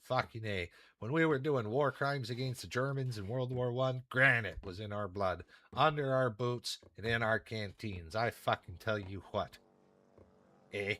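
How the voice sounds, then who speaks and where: A man's voice: medium pitch, measured pace, sharp tone. A man, chatting casually and profanely to his stream in a rambling, folksy way. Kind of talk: casual gaming stream chat.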